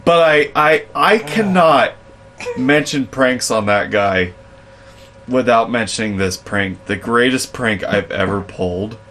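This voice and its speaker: A young man tells work stories in a relaxed chat and acts out everyone involved. His pitch swings widely as he gets into it. A light hum of room noise sits underneath. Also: slow. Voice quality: animated, laughing, acts out voices. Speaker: podcast co-host, storyteller. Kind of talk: casual storytelling chat.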